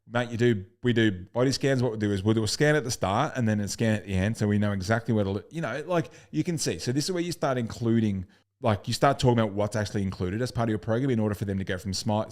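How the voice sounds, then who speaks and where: A man coaching sales in a recorded lesson, blunt and upbeat, swearing casually and acting out customer calls. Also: on the low side.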